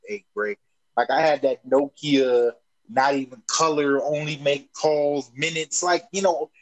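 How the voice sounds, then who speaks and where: A man's voice: medium pitch, rough recording. A man co-hosting a casual chat, joking and reminiscing with a laid-back manner.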